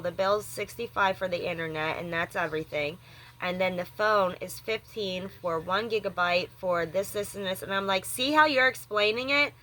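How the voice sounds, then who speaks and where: Upset bright-voiced young woman vlogger. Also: mid-range voice. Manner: rambling, upset, acts out both sides of a phone call. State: rattled and upset. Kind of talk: venting story to camera.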